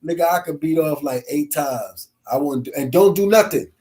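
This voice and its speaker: A man's voice: a little high, normal speed, warm tone. A man hosting a casual podcast, joking around with loose, profane banter. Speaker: podcast host. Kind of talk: casual chat.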